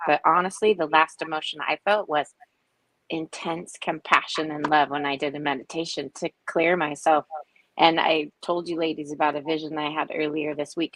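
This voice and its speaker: A woman in her forties on a video call, telling personal stories in an earnest, reflective way with many pauses. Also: sits low, a bit bright, dry recording, poor audio. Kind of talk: casual heartfelt group chat.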